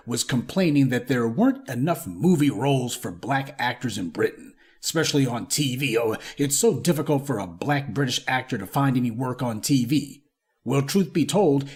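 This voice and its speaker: A man's voice: medium pitch, darkish tone. A man with a Southern American accent delivering a scornful, emphatic opinion monologue as a live-stream commentator. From Southern United States.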